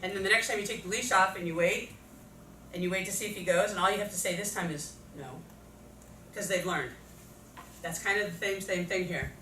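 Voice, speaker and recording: A woman's voice: medium pitch, fast talker, bright, forceful tone. Woman presenting a workshop, echoey room. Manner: conversational, acts out students and teachers in quotes. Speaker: teacher trainer. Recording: echoey room from far off, noisy.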